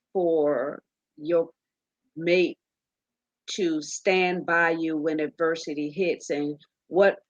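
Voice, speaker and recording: A woman host asks her questions at a very slow, unhurried pace, stopping and restarting with fillers. Her voice is a little low for a woman and sounds dry and slightly dull. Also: no room sound. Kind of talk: interview.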